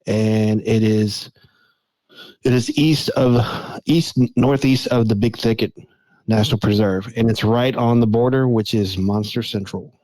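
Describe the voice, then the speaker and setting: A man's voice: fairly low pitch, fairly even intonation, a little slow, darkish tone, no echo, low-quality recording. A man, a guest on a casual podcast, talking in a loose, rambling way.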